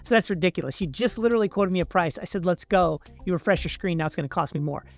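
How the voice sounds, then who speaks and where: A man's voice: high-pitched, quick pace, soft background music. Chatty man telling a consumer story. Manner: chatty, animated retelling with fillers, addresses viewers as people. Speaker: video host. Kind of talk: casual storytelling to camera.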